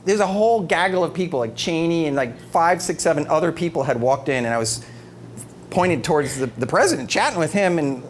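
Animated middle-aged man telling funny stories. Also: fairly high pitch, a little fast. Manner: animated, laughs often, acts out quotes. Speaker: speaker giving an evening talk. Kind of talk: humorous storytelling speech. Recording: noisy live talk recording. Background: background noise.

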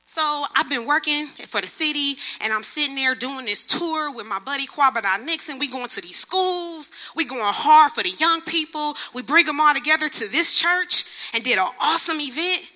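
A young woman giving a lively testimony sermon, acting out other people's voices as she tells her story. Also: high voice, moderate pace, hardly any pauses. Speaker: church speaker.

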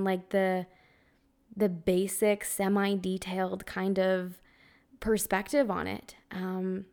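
A young woman talks straight to her listeners in a loose, heartfelt spiritual podcast monologue. Her voice sits at a middling pitch, and her talk is full of casual fillers and the occasional curse. She sounds emotional, close to tears, yet keeps talking earnestly. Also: a little mellow. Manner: earnest, conversational, heavy use of "like", occasional swearing. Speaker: podcast host.

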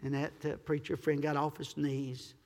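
A male pastor preaching a storytelling sermon, emphatic, acting out the people in his stories and rising to loud peaks. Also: a little high, little pitch movement, normal speed. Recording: long hall reverb.

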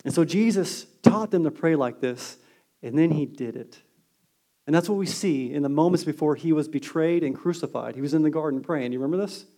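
A male pastor delivering a sermon in a high, light voice. He talks earnestly, stressing his key points with force and then sinking to a soft, hushed delivery. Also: fairly quick. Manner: earnest preaching, swings from emphatic to hushed.

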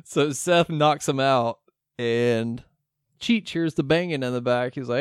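A man's voice: medium pitch, moderate pace, clean tone, no echo, studio quality. A man co-hosting a casual movie podcast, recapping scenes and acting out lines with laughter. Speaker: podcast co-host.

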